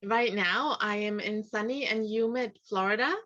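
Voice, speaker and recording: Woman, German accent, interview guest, life coach, lively, laughs often, bright voice, dull sound. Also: medium pitch, moderate pace. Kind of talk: casual interview chat.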